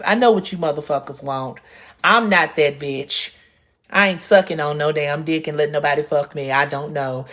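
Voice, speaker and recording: A woman telling a comedic storytime rant outdoors in a suburban neighborhood, brash and profane, swinging from loud outbursts to low mutters. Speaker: vlogger.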